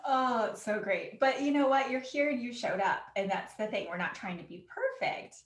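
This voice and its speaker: A woman's voice: fairly high pitch, animated, normal speed. A woman hosting a webinar, enthusiastic and cheering her guests on over a video call. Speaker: webinar host. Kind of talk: casual webinar chat. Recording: echoey room, distant from mic.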